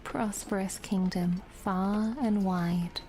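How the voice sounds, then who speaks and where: A woman with a British accent narrating a fairy-tale story in a measured, scripted way. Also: mid-range voice, fairly even intonation, warm tone. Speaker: narrator of a debut intro.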